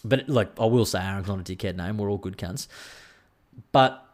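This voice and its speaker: A man's voice: fairly low pitch, normal speed. An Australian man hosting a podcast on his own, rambling in casual chat, swearing freely and joking at his own expense. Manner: rambling, profane, self-mocking banter. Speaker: podcast host.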